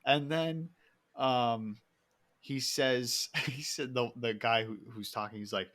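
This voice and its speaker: A man's voice: mid-range voice, unhurried, a bit bright. A young man co-hosting a podcast, telling rambling stories in casual chat, laughing often and swearing freely. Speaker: podcast co-host.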